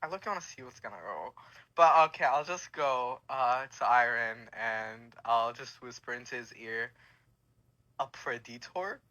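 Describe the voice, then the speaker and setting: A man's voice: medium pitch, normal speed, muffled recording. A man playing in a tabletop game, chatting playfully about his character's actions. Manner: playful, animated. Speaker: player.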